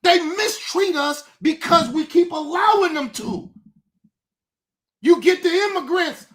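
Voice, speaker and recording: A woman hosting a livestream, ranting angrily in a profane voice that often breaks into shouting. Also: very high-pitched, a little slow. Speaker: streamer, show host. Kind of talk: livestream rant.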